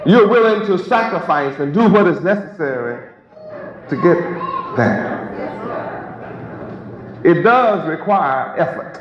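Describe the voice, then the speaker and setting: A man's voice: high voice, lively intonation. Male preacher, emphatic and rhetorical; lo-fi hall recording with crowd. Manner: emphatic, rhetorical, drawn-out words. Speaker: religious teacher. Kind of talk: sermon.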